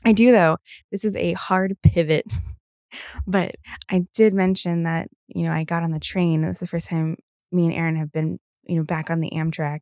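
A tired young woman yawns through her solo podcast, speaking in a lowish, slightly mellow voice with fairly even intonation and a moderate pace. Her rambling, casual chat is thick with fillers and free swearing, recorded at studio quality without echo.

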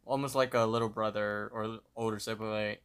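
A man's voice: fairly low pitch, clean tone. A young man co-hosting a podcast, casually retelling a cartoon episode and briefly imitating the characters. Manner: relaxed, retells scenes with quick character voices. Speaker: podcast co-host.

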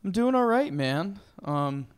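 A man's voice: high voice, very animated, measured pace, smooth. A man co-hosting a casual sports chat, laid-back and wry, often answering with short agreeing replies. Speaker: podcast co-host.

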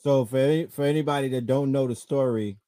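A man's voice: medium pitch, fairly even intonation, quick pace, dark tone. A man hosting a show, commenting in a casual, teasing way.

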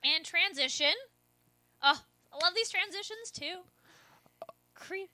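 A woman's voice: very high voice, slow, no room sound. A woman giving chatty running commentary while watching a movie, sighing and crying out as she reacts. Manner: animated, chatty running commentary with sighs and cries. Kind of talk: casual movie reaction chat.

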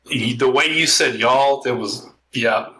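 A man's voice: mid-range voice, unhurried, noisy background. A man co-hosting a podcast in laid-back, casual chat, often hesitant with fillers. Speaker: podcast co-host.

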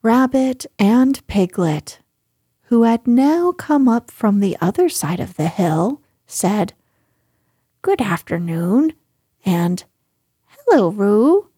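Woman narrating a storybook, very slow, mellow, breathy, dry. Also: on the high side, animated, no room sound. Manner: gentle, unhurried. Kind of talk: storybook reading.

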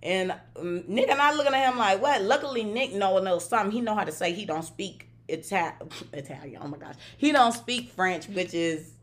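An American woman co-hosting a podcast, telling a travel story in animated casual chat, laughing often and acting out what people said. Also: medium pitch, fairly quick, hardly any pauses. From United States. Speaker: podcast co-host.

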